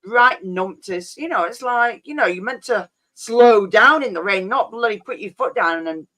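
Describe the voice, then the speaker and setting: A woman's voice: medium pitch, moderate pace, a bit bright. A woman hosting a casual stream chat, chatty and jokey with rambling asides.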